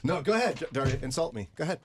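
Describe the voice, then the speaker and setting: A man's voice: on the high side, sing-song, racing, a little hiss or hum. A man hosting a morning radio show, joking around in casual banter and teasing his co-hosts. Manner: joking, puts on silly accents. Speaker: radio host.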